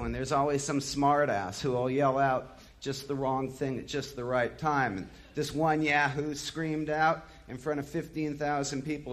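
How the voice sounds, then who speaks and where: A man's voice: mid-range voice, fairly even intonation, unhurried. Male storyteller, mid-range voice; bitter, profane, impassioned first-person monologue.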